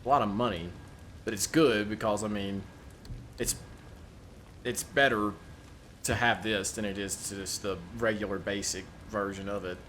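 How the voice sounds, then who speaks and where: A man's voice: fairly low pitch, fairly even intonation, moderate pace, long pauses, fairly bright tone, a little hiss or hum. A man streaming a video game, thinking aloud in a casual, hesitant way with frequent swearing. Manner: mumbling to himself, swearing, hesitant. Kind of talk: casual gameplay commentary.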